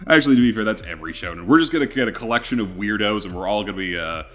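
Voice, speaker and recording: A man's voice: on the low side, lively intonation, fast talker, a bit bright, soft background music. A man hosting a casual podcast chat, joking and laughing easily. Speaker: podcast host.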